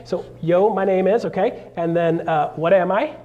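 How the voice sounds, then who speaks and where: A man coaching a live seminar audience in an animated, jokey way, acting out quotes in a raised voice. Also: high-pitched, normal speed, lo-fi sound. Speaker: real estate coach. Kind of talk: energetic seminar talk.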